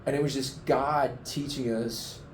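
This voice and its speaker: A man giving a heartfelt, halting testimony in an interview, his emotion showing as he speaks. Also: medium pitch, steady tone, slight background noise. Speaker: flood survivor giving testimony. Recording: roomy echoing room.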